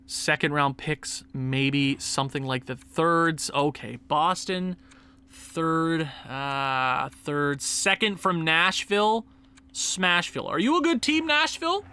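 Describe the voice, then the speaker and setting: Brief: young male let's-play commentator, high and very lively voice, excitable, yells at the game. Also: smooth. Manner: excitable, yells and laughs at the screen. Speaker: gaming YouTuber.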